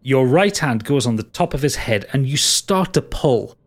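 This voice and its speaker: A man's voice: mid-range voice, animated, normal speed. A man narrating a tabletop game as game master, vivid and dramatic, with frequent restarts.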